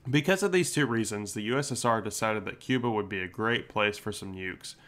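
A man's voice: on the low side, fairly quick, fairly bright tone. A young man with a Southern accent, telling history in a rambling, casual way as a podcast co-host. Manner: rambling, laid-back storytelling with fillers.

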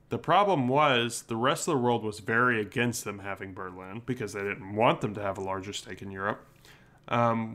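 A man's voice: lowish voice, a bit bright. A young man with a Southern accent, telling history in a rambling, casual way as a podcast co-host. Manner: rambling, laid-back storytelling with fillers.

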